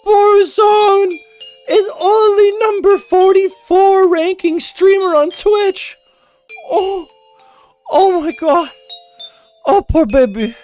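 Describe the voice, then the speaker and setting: A woman's voice: very high-pitched, a little mellow, faint music behind, pitched above the performer's own voice. A woman doing a sobbing whiny man-baby streamer. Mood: mock sobbing. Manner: wailing, mock-crying, drawn-out whine. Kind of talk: mocking impression in a commentary video.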